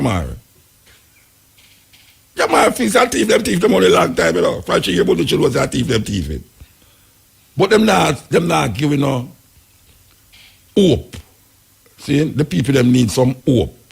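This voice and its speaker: A man's voice: mid-range voice, big pitch swings, brisk, creaky, pauses often, breathy edge. A Jamaican man hosting a talk radio show, delivering rambling, emphatic commentary in patois.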